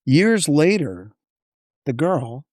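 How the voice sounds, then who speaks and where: A man's voice: a little high, drawn-out words, no room sound, studio quality. A man, a podcast guest, telling a long story in casual chat and acting out the dialogue as he goes. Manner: animated storyteller, acts out dialogue.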